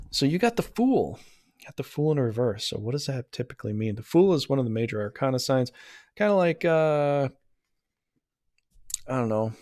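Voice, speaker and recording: A man's voice: mid-range voice, a little mellow, dry recording, studio quality. A man doing a casual tarot reading who rambles, talks himself in circles and gets easily flustered. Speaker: tarot reader.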